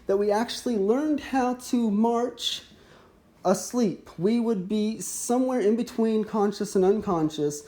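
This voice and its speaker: Mellow-voiced man teaching a medical overview. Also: high-pitched. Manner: measured, explanatory, occasional restarts. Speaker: medical educator.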